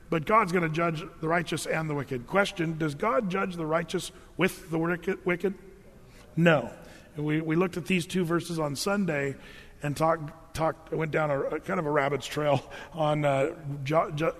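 Pastor man with a slightly high voice in a reverberant hall. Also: fairly bright tone. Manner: conversational, repeats and restarts words, emphatic. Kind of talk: verse-by-verse Bible teaching.

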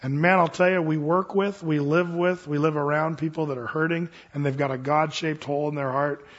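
Husky earnest male pastor preaching. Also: a little high, a little fast, lo-fi sound. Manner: earnest, animated storytelling with frequent restarts. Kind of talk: sermon storytelling.

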